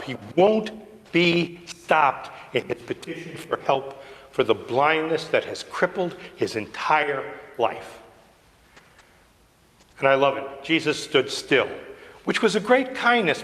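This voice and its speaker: A man's voice: fairly high pitch, fairly bright tone. A male priest giving a sermon in a conversational, storytelling way, sometimes dropping to a near whisper. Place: church sanctuary. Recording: long church reverb.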